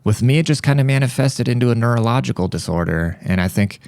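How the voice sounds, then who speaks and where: A young man hosting a podcast, telling a story in a rambling, profane, animated way. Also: mid-range voice, fast talker, creaky, dry recording. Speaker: podcast host. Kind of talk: casual monologue.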